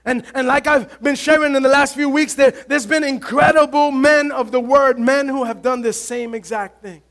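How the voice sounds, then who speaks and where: A man's voice: very high voice, steady tone, normal speed, fairly bright tone. A male pastor preaching a sermon to his congregation, impassioned and calling out to the church.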